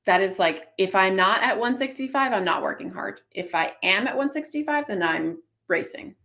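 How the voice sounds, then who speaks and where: A woman's voice: mid-range voice, lively intonation, moderate pace, sharp tone. A woman co-hosting casual live commentary on an online cycling race, chatty and explaining tactics with plenty of fillers.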